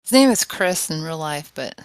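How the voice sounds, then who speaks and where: A woman's voice: low voice, animated, moderate pace, dry recording. A woman from West Virginia with a country drawl, rambling and curious in a casual voice chat. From West Virginia, USA. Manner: rambling, curious, laughs often.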